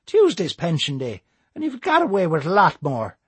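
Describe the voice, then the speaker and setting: A man voicing an older male postmaster who stays calm and dryly polite. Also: a little high, moderate pace, breathy edge, no echo, pitched above the performer's own voice, full character voice.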